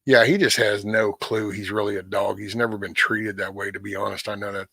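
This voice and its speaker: Low-voiced middle-aged man chatting casually. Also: fairly even intonation, brisk, creaky, fairly bright tone, husky, dry recording. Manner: rambling, folksy, swears casually. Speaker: host of a morning livestream. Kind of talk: casual morning chat with viewers.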